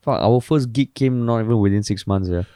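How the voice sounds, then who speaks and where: Fast-talking brash Singaporean man. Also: on the low side, smooth, no echo, clean studio sound. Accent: Singaporean English. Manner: brash, swears freely, animated. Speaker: podcast co-host. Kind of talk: casual chat.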